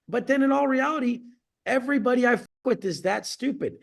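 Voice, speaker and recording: A man's voice: very high voice, lively intonation, a little fast, vocal fry. A man coaching clients on a video call, ranting bluntly and profanely, boasting as he goes.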